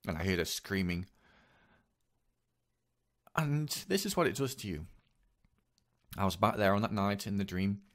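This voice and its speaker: Halting man, fairly low voice. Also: lively intonation. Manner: halting, repetitive, earnest. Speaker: vlogger. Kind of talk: personal confessional monologue.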